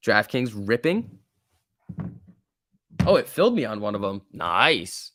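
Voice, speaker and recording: A man hosting a live market stream, talking casually and getting excited as he reacts. His pitch swings widely between calm remarks and sudden bursts of enthusiasm. The sound is dry and close, with no room around it. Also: slow, no room sound. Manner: excitable, reacts aloud and reads chat. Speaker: livestream host.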